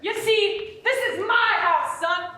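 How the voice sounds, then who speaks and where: A woman's voice: extremely high pitch, slow, bright, forceful tone, full character voice. A woman playing a swaggering man hosting a holiday party in a stage comedy sketch, trading cocky, threatening banter. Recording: echoey stage room from a distance.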